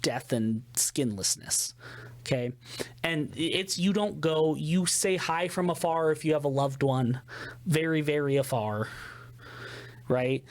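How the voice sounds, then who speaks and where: Chatty man telling stories, fairly high voice. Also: a little slow. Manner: chatty storyteller, quotes people in put-on voices. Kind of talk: casual chat.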